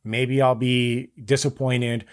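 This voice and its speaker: A man's voice: mid-range voice, flat delivery, slow pace, clear, resonant tone. A man in his thirties, a podcast guest, talking earnestly and rambling in casual conversation, often saying "like". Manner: earnest, rambling, heavy use of "like".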